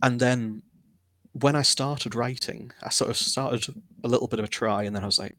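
A man's voice: medium pitch, steady tone, fairly quick, a bit bright, no echo. A man, speaking as an author guest in a casual interview, candid and self-deprecating as he tells his story.

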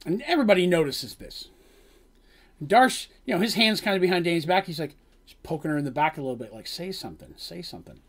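A man's voice: on the high side, lively intonation, quick pace, fairly bright tone. A man, a game master, recounting a tabletop game session in a rambling way full of fillers. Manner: rambling, filler-heavy storytelling.

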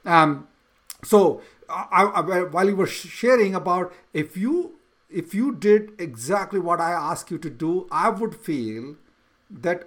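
A middle-aged man with a fairly high voice talks things through with his son. He speaks haltingly, restarting his sentences and filling pauses with "uh" and "um" as he searches for his words. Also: lively intonation, fairly bright tone. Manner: halting, many restarts and fillers. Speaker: father, podcast co-host. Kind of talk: casual conversation with his son.

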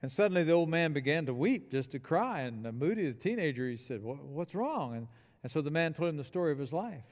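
A man's voice: fairly high pitch, expressive, fast talker, in a large hall. A man preaching a sermon as pastor, emphatic and leading the congregation in call-and-response. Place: church building.

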